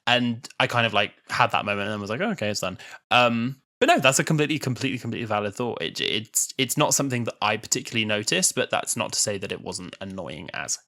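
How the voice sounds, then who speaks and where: A man in his twenties co-hosting a casual podcast, animated and chatty, laughing often. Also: fairly low pitch, fast. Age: 20s. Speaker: podcast co-host.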